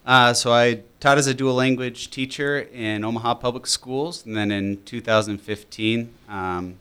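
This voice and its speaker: A man's voice: mid-range voice, fairly even intonation, moderate pace, fairly bright tone, clean tone. A man, a teacher and program coordinator, explaining his school program as a radio guest, with many fillers.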